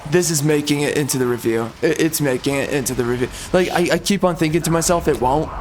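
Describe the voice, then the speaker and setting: A man's voice: fairly high pitch, fast talker, noisy background. A man giving let's-play commentary as a gaming YouTuber, exasperated and ranting.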